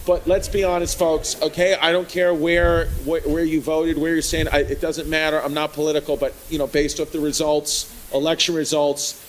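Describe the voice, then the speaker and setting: A male stand-up comedian performing a brash set on a comedy club stage, shouting punchlines over a laughing crowd. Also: fairly high pitch, little pitch movement, normal speed. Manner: brash, loud bursts of shouting. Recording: live club recording with crowd noise.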